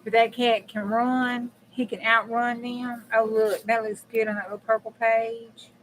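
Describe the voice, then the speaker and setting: A woman's voice: fairly high pitch, level tone, unhurried, a little hiss or hum, low-quality recording. Woman, crafting livestream host; blunt, casual cussing, chats right to viewers. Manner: chatty and blunt, swears casually, talks to viewers. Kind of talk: casual live crafting chat.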